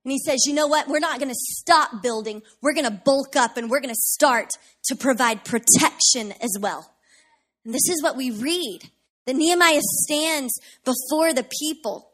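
A woman pastor preaching a sermon with passion, building up to shouted declarations of faith. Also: high-pitched, moderate pace.

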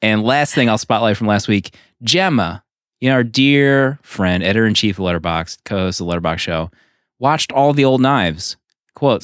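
A man co-hosting a film podcast, chatting casually in a teasing, playful way. His pitch swings widely as he talks. The sound is dry and close, with no room around it. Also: lively intonation, normal speed, fairly bright tone, no echo. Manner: playful, teasing, laughs often. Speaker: podcast co-host. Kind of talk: casual chat.

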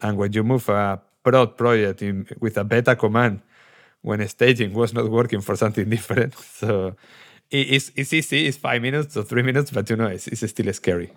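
A man with a Spanish accent, co-hosting a podcast in casual chat, animated and laughing as he searches for his words. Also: on the low side, moderate pace. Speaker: podcast co-host.

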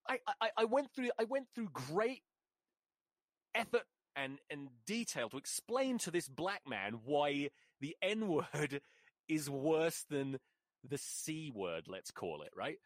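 A man's voice: fairly high pitch, slow, no echo. Male podcast host, swears constantly, voice leaps up and down, dry close mic. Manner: profane, animated storytelling. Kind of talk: solo podcast rant.

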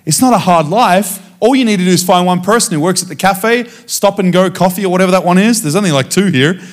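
A man preaching as a guest speaker, telling a personal testimony in a lively storytelling way and acting out the dialogue. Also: high voice, quick pace. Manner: animated storytelling, acting out dialogue with frequent restarts.

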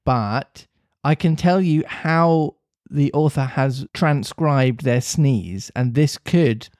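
A man's voice: medium pitch, slow pace, a little mellow, no echo, clean studio sound. A man hosting a podcast, reading a children's book aloud and chatting in a self-mocking way. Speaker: podcast host, reader. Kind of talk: storybook reading and casual chat.

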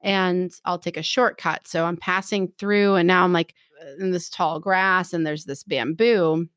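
Animated woman telling a story. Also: lowish voice, a little slow, dry recording, studio quality. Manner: animated storytelling, acts out quotes. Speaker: storyteller in a chat. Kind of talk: casual chat.

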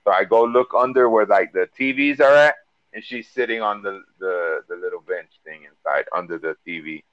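Profane, animated Miami man telling stories. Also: lowish voice, normal speed, dry recording, lo-fi sound. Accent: Miami English. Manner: profane, animated storytelling with repeated fillers. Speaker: podcast co-host. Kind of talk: casual podcast chat.

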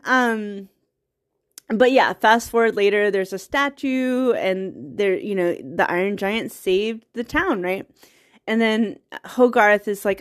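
A woman's voice: fairly high pitch, expressive, unhurried. A young woman eagerly retelling a film's plot in casual, rambling talk, laughing often and getting teary. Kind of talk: casual movie recap.

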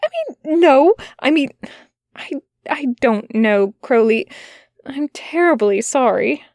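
A gentle, fussy male angel who stumbles over his words when he is flustered and lifts his voice high when he pleads, as a woman reads him aloud. The delivery is unhurried and close, in a dry room. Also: animated, no echo, heavily acted. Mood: tender, flustered. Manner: flustered, tender, stammering.

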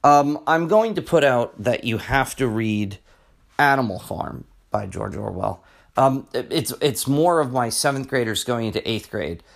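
Chatty middle-aged man, lively pitch. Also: a little slow, gravelly. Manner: rambling and chatty, with many fillers and restarts. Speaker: middle school teacher and podcast host. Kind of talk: casual solo podcast monologue.

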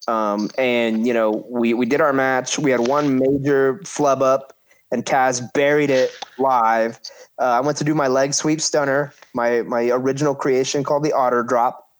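A man's voice: medium pitch, fairly even intonation, moderate pace. A man in his thirties casually telling a story about his wrestling career, acting out quoted voices and swearing freely.

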